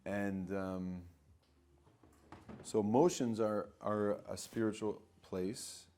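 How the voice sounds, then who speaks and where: A man who works as a spiritual coach, giving an animated teaching talk, repeating phrases and acting out inner voices as he explains. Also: on the low side, takes it slowly.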